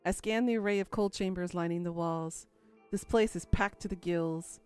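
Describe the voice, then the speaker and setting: A woman's voice: on the low side, normal speed, darkish tone, clear, resonant tone, soft background music. A woman narrating a first-person story in a dry, musing, inward way.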